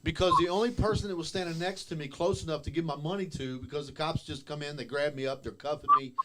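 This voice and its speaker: A man's voice: fairly high pitch, steady tone, quick pace, background noise. A man telling wrestling stories in a drawling, laughing casual chat. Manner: drawling, laughs often, trails off quietly. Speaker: former wrestler, podcast host.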